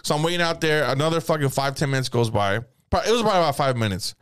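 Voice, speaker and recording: A man's voice: fairly high pitch, lively intonation, rapid-fire, fairly bright tone, clear, resonant tone, dry recording, studio quality. A man telling a comedic story in casual chat, profane and rambling, laughing through his lines. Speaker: podcast storyteller.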